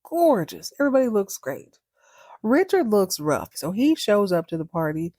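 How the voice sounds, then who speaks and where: A woman's voice: mid-range voice, very animated, moderate pace, dark tone, no echo, studio quality. A woman hosting a podcast, giving a casual, candid and slangy recap of a TV episode. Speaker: podcast host.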